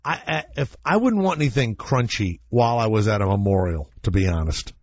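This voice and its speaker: A male radio talk show host telling comic stories in an animated, rambling, self-mocking way from a studio. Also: on the low side, brisk, dull audio. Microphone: studio microphone.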